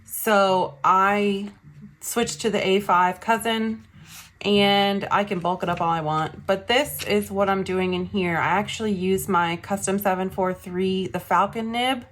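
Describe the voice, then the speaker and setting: A woman's voice: medium pitch, a little slow, fairly bright tone. Chatty woman showing her planners. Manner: chatty, says "y'all". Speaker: planner vlogger. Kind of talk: casual show-and-tell.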